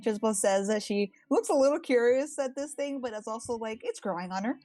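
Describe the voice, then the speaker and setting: A woman's voice: a little high, animated, fairly quick, dark tone, no echo, faint music behind. A woman playing a tabletop game who narrates her character's actions. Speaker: player.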